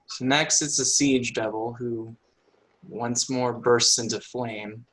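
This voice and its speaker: A man acting as game master in a tabletop game. He talks the players through the rules with patience, in an even, mid-pitched voice and at an everyday pace. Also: takes it slowly.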